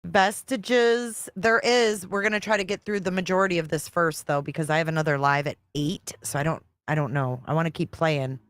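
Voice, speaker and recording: A woman's voice: lowish voice, fairly even intonation, brisk, hardly any pauses, no room sound, studio quality. A woman hosting a live stream, chatting casually and reading out viewer comments as she reacts to a clip. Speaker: livestream host reacting to a clip.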